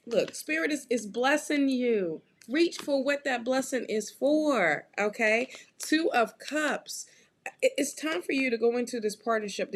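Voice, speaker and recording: A woman with a slightly raised voice reads tarot cards on a live stream. She speaks slowly and emphatically, urging the viewer on. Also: on the high side. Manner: encouraging, drawn-out and emphatic. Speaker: tarot reader and co-host.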